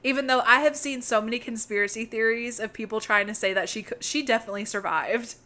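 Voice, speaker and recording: A young woman co-hosting a podcast, excitedly retelling a movie's plot in casual chat and swearing freely. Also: fairly high pitch, fast talker. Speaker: podcast co-host.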